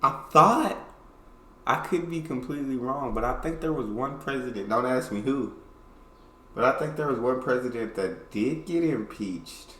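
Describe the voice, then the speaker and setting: A man hosting a reaction video, talking casually and emphatically, getting loud on some points and dropping quiet on others. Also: medium pitch, moderate pace. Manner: emphatic, conversational, swings between loud and quiet. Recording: echoey room.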